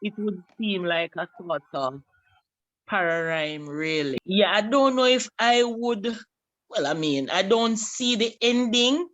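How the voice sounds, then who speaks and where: A man's voice: high voice, animated, unhurried, a bit bright, lo-fi sound. A man with a Caribbean accent, hesitantly discussing a poem in a class conversation and searching for his words. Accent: Caribbean English. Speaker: teacher in a poetry discussion.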